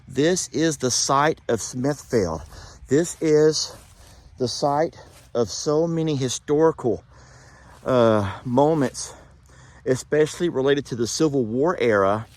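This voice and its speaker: Male vlogger, unhurried, homespun, heartfelt. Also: medium pitch, a little mellow. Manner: slow, heartfelt, folksy talk. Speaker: channel host. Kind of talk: emotional outdoor vlog. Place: outdoors in wooded cemetery.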